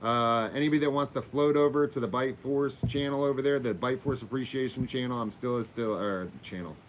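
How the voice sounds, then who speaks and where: A man closing out his casual livestream chats freely with viewers and his dog, sometimes swearing; he's from Florida. His medium-pitched voice moves fairly quickly, with a little hiss or hum underneath.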